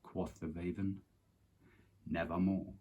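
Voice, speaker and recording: A man reciting a long poem from memory with a dramatic, declamatory delivery. His voice is low and a little husky. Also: level tone, slow pace, warm tone, muffled recording. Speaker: poetry reciter.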